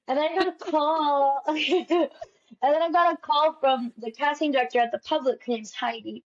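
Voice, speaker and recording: A young woman with a fairly high voice tells her story in an animated way, slipping into the voices of the people she quotes. The recording sounds a bit dull and lo-fi. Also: normal speed. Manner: lively storyteller, acts out quoted dialogue. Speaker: guest, stage actress. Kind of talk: storytelling in a casual interview.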